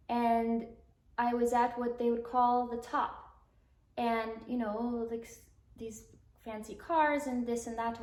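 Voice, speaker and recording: Guest, woman in her twenties from Alabama, higher voice, rambling storyteller, echoey room. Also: darkish tone. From Alabama, US South. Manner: rambling, lots of "like", acts out quoted dialogue. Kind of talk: personal storytelling interview.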